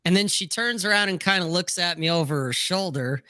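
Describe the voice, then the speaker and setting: A middle-aged man with a bright, fairly high voice spins a frank personal anecdote for his podcast co-hosts. He swears easily and leans on "you know" to keep the story moving. He sounds close to the mic in a dry, dead room. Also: fairly quick, no echo. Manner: candid, profane anecdote with frequent "you know". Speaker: podcast co-host. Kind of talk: casual storytelling on a podcast panel.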